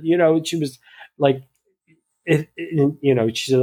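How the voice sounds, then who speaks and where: A man's voice: on the high side, normal speed, husky. Chatty male hairstylist acting out dialogue. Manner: animated retelling that acts out both sides of a dialogue; frequent "you know" fillers and restarts. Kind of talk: casual anecdote in an interview.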